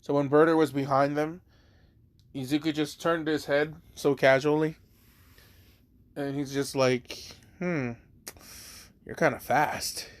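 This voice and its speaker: A man spins a fan story in a loose, rambling manner, full of fillers and the odd curse. His voice sits fairly high. The sound is dry and close, with no room echo. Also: level tone, measured pace, long pauses. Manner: rambling, lots of "like", swearing. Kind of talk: casual storytelling.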